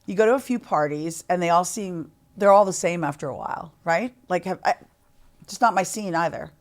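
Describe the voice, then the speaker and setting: A woman's voice: on the low side, fairly quick. A middle-aged woman from Canada, a podcast guest telling candid stories in a chatty way and swearing freely. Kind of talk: candid interview storytelling.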